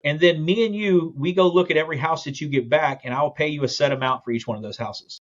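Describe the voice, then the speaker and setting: A man with a voice on the high side shares his business story in a podcast interview, where he's the guest and a land investor. The lo-fi audio catches his fast, animated delivery full of acted-out quotes.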